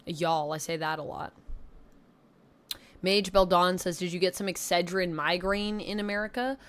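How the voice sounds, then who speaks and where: Canadian girl streaming from her desk, bit of a southern twang, rambly and chatty, kinda low voice. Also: steady tone, moderate pace, a bit bright. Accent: slight Southern US twang. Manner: chatty, rambling, self-deprecating. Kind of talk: casual live-stream chat. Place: home apartment desk. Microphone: desk mic.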